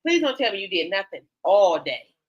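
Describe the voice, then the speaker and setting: A sing-song, slightly rough mid-range voice at normal speed comes from an older woman hosting a radio talk show. She tells stories candidly and animatedly, acting out the quotes, and the recording has a slightly dull lo-fi quality.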